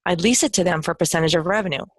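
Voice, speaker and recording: Low-voiced woman reading a question. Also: rapid-fire, no room sound. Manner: reading a listener question aloud. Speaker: podcast co-host. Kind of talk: casual podcast conversation.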